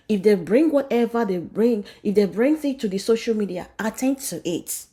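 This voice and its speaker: A woman's voice: mid-range voice, expressive, normal speed, hardly any pauses, dark tone, husky. A woman vlogger giving an emotional commentary, speaking emphatically and preachily and blessing her viewers directly.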